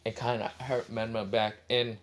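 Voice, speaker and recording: A man's voice: fairly low pitch, flat delivery, moderate pace. A man casually retelling a fan story, rambling with many fillers and some swearing.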